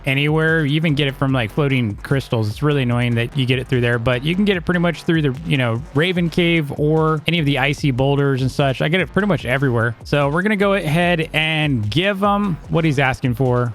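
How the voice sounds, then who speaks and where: A man's voice: fairly high pitch, fairly quick, hardly any pauses. A man hosting a gaming video, giving casual walkthrough commentary in a chatty manner full of "like" and "dude". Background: faint background music.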